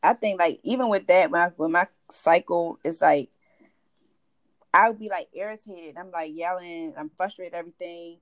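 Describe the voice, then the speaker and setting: A woman cohosting a podcast in casual chat, candid and expressive, acting out quotes as she tells stories. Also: on the low side, moderate pace.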